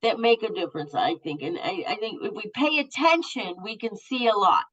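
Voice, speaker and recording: A woman's voice: medium pitch, lively intonation, a little fast, a bit bright. Blunt woman in her fifties, a guest telling stories, swears a lot, muffled lo-fi sound. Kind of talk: candid storytelling. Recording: muffled lo-fi audio.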